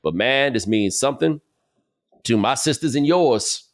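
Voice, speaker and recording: Animated man in casual podcast banter. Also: medium pitch, unhurried. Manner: animated, playful storytelling with slang. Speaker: podcast co-host. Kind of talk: casual sports and culture chat.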